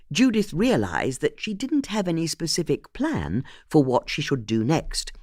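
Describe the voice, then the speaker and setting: An audiobook narrator reading a mystery novel in an expressive, scripted way. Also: mid-range voice, no echo, studio quality.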